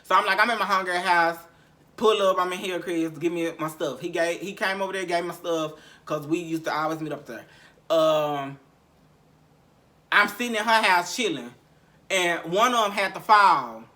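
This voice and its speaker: Bright-voiced man telling a raw story. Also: high-pitched, moderate pace. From Memphis, Tennessee. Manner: profane, repetitive, heavy sighs, emotional recounting. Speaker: podcast host. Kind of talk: candid storytelling monologue.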